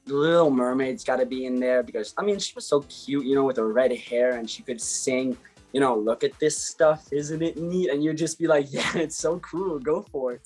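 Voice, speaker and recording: A man in a casual video-call interview, chatting in an animated way, full of fillers and slang. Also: mid-range voice, slightly rough. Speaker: actor interviewed about his career.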